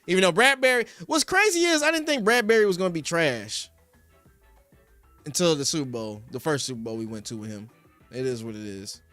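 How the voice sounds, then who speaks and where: Young male Philly sports host, high, bright voice, rambling chat replies, flares into rants, dry close mic. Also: lively intonation, a little fast, no echo, soft background music. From Philadelphia. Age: young adult. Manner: rambling, reads chat names, rises to heated rants. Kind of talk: casual sports talk to live chat. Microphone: studio podcast mic.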